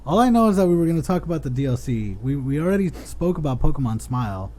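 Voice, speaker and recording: A man's voice: on the high side, very animated, quick pace, dark tone. Laid-back, mumbling young man. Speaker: podcast co-host. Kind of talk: casual chat.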